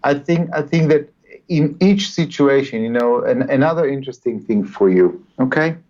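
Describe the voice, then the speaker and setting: Animated man telling a story. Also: medium pitch, normal speed. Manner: animated, repeats words as he builds. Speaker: guest author. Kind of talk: storytelling interview answers. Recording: dull lo-fi audio.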